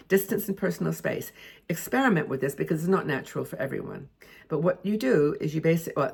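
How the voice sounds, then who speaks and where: A woman in her sixties talks straight to camera, sharing tips in a chatty, expressive way full of little asides. Her voice sits low and has a gravelly, husky edge. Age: 60s. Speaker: lifestyle video host. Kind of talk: casual tips talk to camera.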